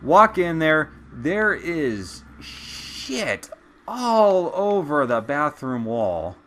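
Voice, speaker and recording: A man's voice: on the high side, very animated, extremely slow, a bit bright, a little hiss or hum. A young man streaming a game, chatting casually and telling stories with loose swearing. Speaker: gameplay streamer. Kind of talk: casual storytelling while gaming.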